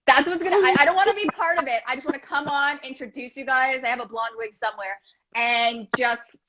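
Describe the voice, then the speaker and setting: A woman hosting a casual chat, talking in a playful, quick way with lots of asides. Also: sits high, bright, forceful tone, low-quality recording. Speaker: host.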